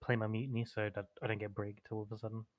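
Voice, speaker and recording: A man's voice: on the low side, little pitch movement, racing, dry recording, narrow, tinny audio. A British man playing a board game online, bantering with dry sarcasm. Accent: British English. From Britain. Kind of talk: casual game chat over voice call.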